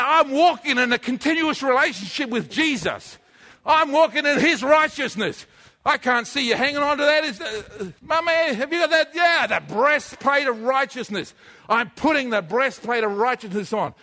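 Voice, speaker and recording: A man preaches with rising energy, calling out lines for his congregation to echo back and raising his voice to a shout. His voice sits high for a man and has a bright, forceful edge. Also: moderate pace. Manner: energetic, leads call-and-response, often shouting. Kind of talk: sermon with congregation participation.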